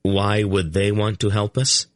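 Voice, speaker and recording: A man's voice: fairly low pitch, flat delivery, unhurried, no room sound, studio quality, natural voice. A man voicing an earnest, somewhat unsure young man leading a battle, asking direct questions. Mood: relieved.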